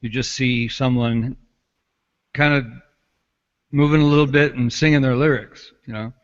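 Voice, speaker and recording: A man working as a vocal coach, calmly explaining technique in casual chat over a video call. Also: mid-range voice, normal speed. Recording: dull lo-fi call audio.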